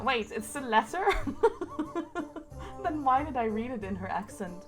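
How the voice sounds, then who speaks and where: A woman's voice: sits high, animated, slow pace, faint music behind. A young woman giving giggly, chatty let's-play commentary on a game, often laughing at herself. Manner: giggly, chatty, self-mocking. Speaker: gaming video host.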